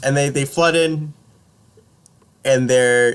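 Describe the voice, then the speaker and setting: A man's voice: on the high side, moderate pace. A young man casually recapping a film on a podcast, joking and slipping into silly character voices. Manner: animated, jokey, slips into silly voices for characters.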